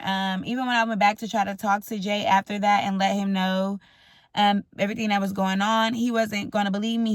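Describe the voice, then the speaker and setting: Young woman vlogger, blunt and frank, storytime vent, dry close sound, medium pitch. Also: a bit bright, dry recording. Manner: blunt and profane, frank venting. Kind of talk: storytime vlog. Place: indoors at home, ring light.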